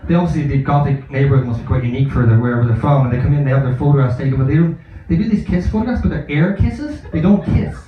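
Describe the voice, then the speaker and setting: In a Barcelona comedy club, a man with a mid-range voice does stand-up, talking fast with few pauses as he tells rambling, profane stories that poke fun at himself. The live recording sounds echoey and dull.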